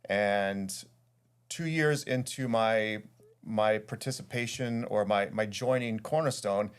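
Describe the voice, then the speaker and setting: A man's voice: on the low side, slow pace, smooth. A man, a guest on an interview show, telling his story casually with fillers and restarts. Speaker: guest, title insurance executive.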